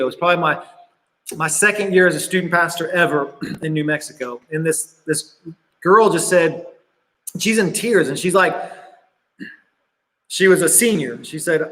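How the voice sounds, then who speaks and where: Earnest young male youth pastor, high voice. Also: sharp tone. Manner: casual, earnest storytelling with many fillers. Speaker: student pastor. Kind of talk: youth sermon. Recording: reverberant hall.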